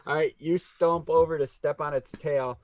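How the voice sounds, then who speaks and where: A man narrating as game master, talking haltingly with many fillers and laughing easily, over a video call. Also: on the high side, steady tone.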